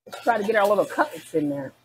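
A woman's voice: mid-range voice, big pitch swings, fast, slight background noise, low-quality recording. A woman cooking at the stove in a home kitchen, chatting casually and narrating each step for her viewers. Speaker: home cook.

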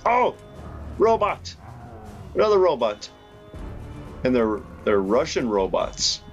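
Slow-talking, excitable young man. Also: medium pitch, lo-fi sound. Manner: excitable, laughing, rambling reactions. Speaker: gaming YouTuber. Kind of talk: casual gameplay commentary. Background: game music.

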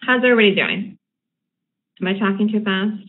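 A woman running a live trading webinar, teaching chart patterns in a brisk, emphatic, conversational way. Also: medium pitch. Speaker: day trading educator. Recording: tinny phone-like line with faint noise.

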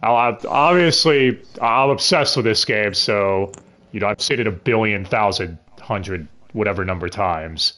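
Brief: man hosting a game stream, lowish voice, eager, talkative, a bit profane. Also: a little slow, sharp tone. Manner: chatty, enthusiastic, swears casually. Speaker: let's-play host. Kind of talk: casual gameplay commentary.

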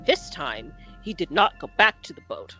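Woman host, lower voice, lively storybook reading, slightly dull podcast sound with faint music behind. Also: moderate pace. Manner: expressive, animated narration.

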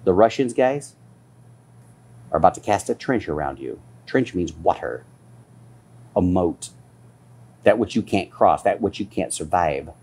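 A man preaching a fiery, scolding sermon as a pastor, his voice climbing higher as his intensity builds. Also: expressive, a little slow, pauses often, darkish tone, slightly rough.

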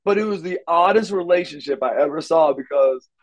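A wrestler guest in a casual interview tells animated wrestling stories, acting out quotes and stumbling over repeated words. His voice sits on the high side and moves fairly quickly over lo-fi audio.

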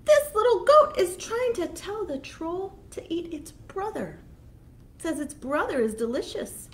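A woman children's librarian reading a picture book aloud slowly and expressively, pausing to explain each foreign word. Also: very high voice, very animated.

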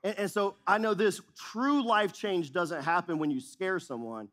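A man's voice: sits high, a little slow, a bit bright. A middle-aged man preaching a sermon as pastor, speaking with emphatic repetition and shifting intensity.

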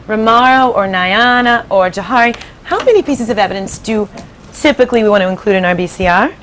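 A woman teaching fifth graders in a classroom, giving clear directions and prompting students for answers. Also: mid-range voice, fairly quick, a bit bright, slight background noise, rough recording. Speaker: 5th grade writing teacher. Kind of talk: classroom teaching and read-aloud.

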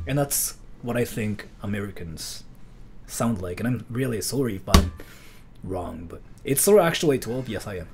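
A man's voice: fairly low pitch, animated, normal speed, a little hiss or hum. A young man streaming live, reading viewer messages in a casual chat and talking in an exaggerated surfer-dude style, repeating dude and bro. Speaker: livestreamer.

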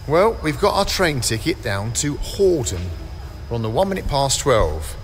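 A man's voice: mid-range voice, big pitch swings, normal speed. A man, doing chatty, upbeat travel vlog commentary outdoors on a town street. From southern England. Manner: chatty, upbeat, asks strangers questions. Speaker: travel vlogger. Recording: street noise behind the voice.

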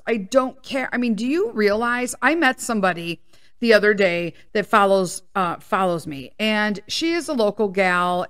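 In a medium-pitched, slightly bright voice, a woman in her fifties talks frankly and casually on her own podcast. She swears freely and records at a microphone in a small home studio.

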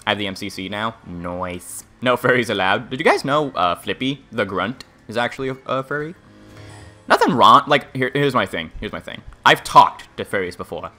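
A male game streamer rambling crudely to his viewers between jokes. His voice sits at a middling pitch and sounds bright and forceful. He talks loosely and swears freely. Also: animated, moderate pace, soft background music. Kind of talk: casual livestream gameplay commentary.

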